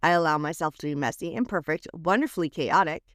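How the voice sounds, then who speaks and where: A woman podcast host reading a scripted reflective letter aloud, soothing and expressive, moving between lifted phrases and hushed drops. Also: low-pitched, fast, no echo, studio quality.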